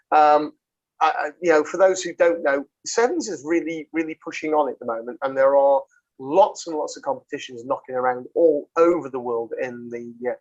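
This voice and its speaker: A man hosting a casual rugby podcast, swearing freely and bantering with many fillers. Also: on the high side. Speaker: podcast host. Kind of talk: casual chat. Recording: dull lo-fi sound.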